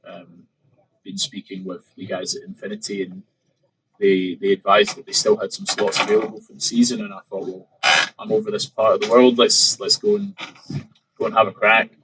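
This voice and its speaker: Man, low voice, podcast guest, casual storytelling, lots of fillers. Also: moderate pace, crowd noise, poor audio. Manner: animated, retelling with quoted inner thoughts and many fillers. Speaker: podcast guest, open water swimmer.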